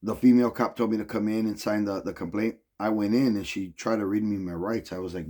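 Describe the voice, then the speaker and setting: A man with a fairly low voice rants to his viewers in an agitated, rambling way, swearing in nearly every sentence. The talk is loose and unscripted, a casual vlog monologue. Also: steady tone, a little fast, hardly any pauses, warm tone. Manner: profane, agitated, rambling storytelling. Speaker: vlogger.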